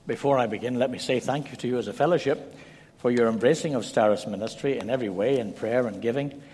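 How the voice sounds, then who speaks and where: A man giving a sermon as a visiting preacher, telling stories in a measured way and reading scripture aloud. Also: medium pitch, a little mellow, slight background noise. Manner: measured, storytelling delivery. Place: church. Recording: long reverb in a large hall.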